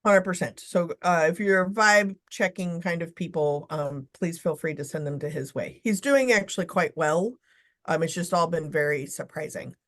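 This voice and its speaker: A woman chairing a committee meeting on a video call, brisk and casual, blunt, with the odd swear word. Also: on the low side.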